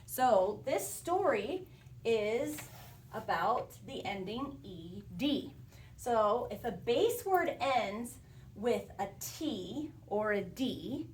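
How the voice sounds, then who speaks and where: A woman telling a playful phonics story and lesson to young children in an animated, sing-song teacher voice. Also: on the high side, recorded from a distance. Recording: roomy sound from a bit off the mic, faint background hiss.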